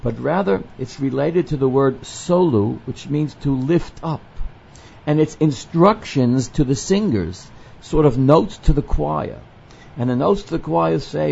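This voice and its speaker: Male Torah teacher, gravelly and mellow, readings, explanatory lesson delivery, dull lo-fi recording. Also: a little high, a little slow. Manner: explanatory, quotes the Hebrew text and then translates it. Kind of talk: verse-by-verse scripture lesson. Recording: dull lo-fi recording with faint noise.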